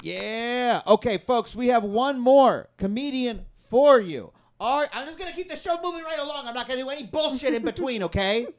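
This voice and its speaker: A man hosting a comedy show over a video call, introducing comedians in an upbeat, brisk way. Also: very high-pitched, lively intonation. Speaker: host. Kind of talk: live-stream show hosting.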